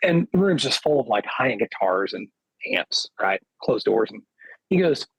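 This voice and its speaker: A man, a guitarist guest on a podcast, telling a casual anecdote in an animated way, acting out what other people said with lots of "he goes.". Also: lowish voice, moderate pace, vocal fry, breathy edge, dry recording, rough recording. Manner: animated, quotes others with "he goes" and acts their lines; loose filler-heavy phrasing.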